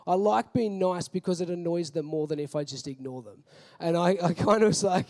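This young adult pastor with an Australian accent has a fairly high, darkish voice and speaks at normal speed. He preaches a sermon casually, weaving in personal stories and plenty of fillers.

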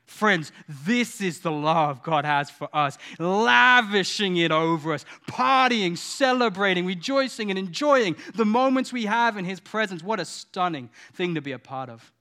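A man who is a pastor, preaching a sermon with passion and moving between hushed, tender lines and rousing, louder ones. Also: sits high, expressive, a little slow, few pauses, clean tone. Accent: Australian.

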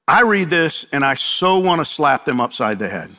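A middle-aged male pastor preaching a sermon, animated, firing off rhetorical questions and acting out quotes. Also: fairly high pitch, normal speed. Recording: long reverb of a large hall.

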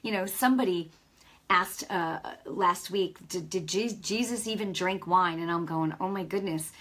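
Breathy woman preaching a casual sermon. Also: lowish voice, normal speed, fairly bright tone. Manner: conversational, emotional, many restarts and asides.

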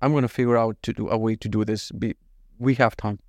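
A man's voice: fairly low pitch, steady tone, fast talker, a little mellow, no echo, clean studio sound. A man in his thirties telling stories in a casual chat, laughing and swearing, going off on tangents. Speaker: vlogger.

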